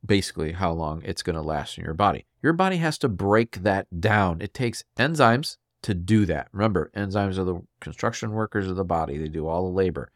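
A man's voice: low-pitched, lively intonation, a little fast, hardly any pauses, no room sound, clean studio sound. A man hosting a solo health podcast, lecturing emphatically and asking his listeners rhetorical questions. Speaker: podcast host.

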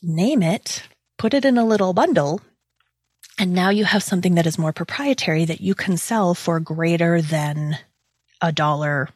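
A woman hosting a podcast interview, enthusiastic and quick to laugh. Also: fairly low pitch, no echo. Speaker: podcast host. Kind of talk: casual interview chat.

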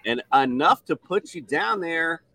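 A man's voice: on the high side, unhurried, background noise. A man hosting a sports picks show, reading stats and playfully calling on each panelist. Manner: animated, playful, reads stats then asks panel.

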